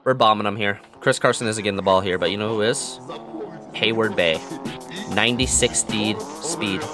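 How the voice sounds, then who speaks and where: A young man giving live commentary on his own football video game, muttering plays, then yelling and gloating in a sing-song voice. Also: lowish voice, normal speed, music in the background. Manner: excitable, swings from mutters to yelling. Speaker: gaming commentator.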